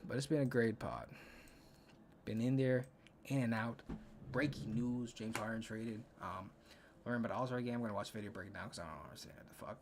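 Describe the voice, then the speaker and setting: A man's voice: on the low side, a little fast, noisy background. A young man hosting a solo podcast in casual chat, rambling and swearing, counting under his breath while he thinks aloud. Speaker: podcast host.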